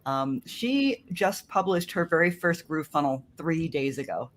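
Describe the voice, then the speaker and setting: A woman's voice: low-pitched, big pitch swings, measured pace, a little hiss or hum. A woman in a casual live-stream chat, introducing an upcoming guest in a friendly, informative way.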